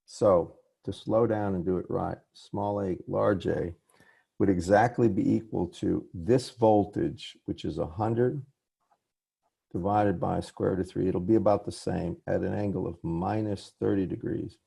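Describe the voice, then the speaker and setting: A man's voice: low-pitched, fairly even intonation, measured pace, gravelly, dark tone, husky. A man lecturing over a video call, often stopping to correct himself and apologize. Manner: apologetic, restarts and self-corrections. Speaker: professor. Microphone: computer mic on a video call.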